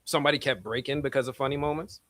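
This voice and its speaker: A man's voice: mid-range voice, fairly even intonation, very fast, a bit bright, no room sound. A man hosting a live chat, asking playful, joking questions. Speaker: host.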